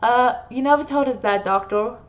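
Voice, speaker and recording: A woman's voice: fairly high pitch, moderate pace, muffled recording, pitched above the performer's own voice, close to an everyday voice. A woman voicing an obsessive young female nurse who talks in a sweet, coaxing, possessive way.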